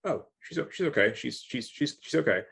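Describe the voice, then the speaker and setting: A young man chatting casually about a movie, excited and stumbling over restarts and repeated words. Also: medium pitch, fairly quick, creaky, breathy edge. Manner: excited, stammering with many restarts. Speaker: movie reviewer. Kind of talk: casual chat.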